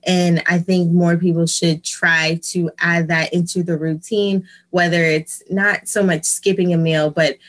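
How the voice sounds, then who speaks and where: A woman's voice: lowish voice, little pitch movement, a little slow, few pauses. A woman who is a guest personal trainer, explaining a health tip with frequent ums over a video call.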